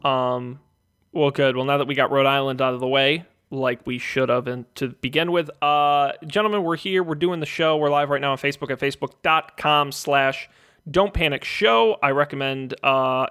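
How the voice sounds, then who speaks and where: A man hosting a casual tech podcast, talking quickly and joking with his co-hosts. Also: medium pitch, pushed and bright, clear, resonant tone. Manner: quick, joking, plugs the show. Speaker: podcast host.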